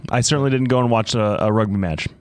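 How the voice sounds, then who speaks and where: A man co-hosting a casual radio chat, giving relaxed, short dry replies. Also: on the low side, fast talker, dry recording. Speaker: co-host.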